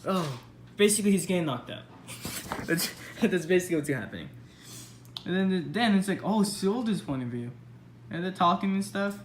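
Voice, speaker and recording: A woman's voice: fairly low pitch, expressive, normal speed, slight background noise. A woman casually rambling over her old story, mocking herself with lots of fillers. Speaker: vlogger.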